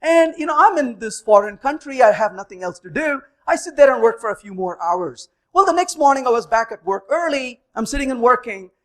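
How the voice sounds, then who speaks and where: Animated storytelling man speaker. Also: very high voice, a little fast, hardly any pauses. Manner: animated, acts out dialogue in stories. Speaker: conference speaker. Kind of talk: storytelling technical talk.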